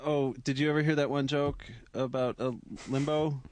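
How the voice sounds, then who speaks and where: A man, a comedian guest on a radio show, talking in a halting, low-key, self-deprecating way. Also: flat delivery, a little mellow, smooth. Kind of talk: casual interview chat.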